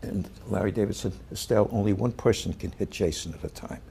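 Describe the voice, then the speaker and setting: An older man, an actor, telling a story about a past role in a halting way, full of fillers and restarts, now and then shouting out the lines he quotes. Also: lowish voice, vocal fry, husky. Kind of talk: anecdotal storytelling.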